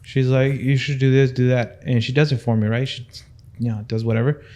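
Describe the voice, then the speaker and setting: A man co-hosting a podcast, chatting in a relaxed way with many small agreements. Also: medium pitch, a little fast. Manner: laid-back, chatty, many backchannels. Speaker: podcast co-host. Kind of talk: casual chat.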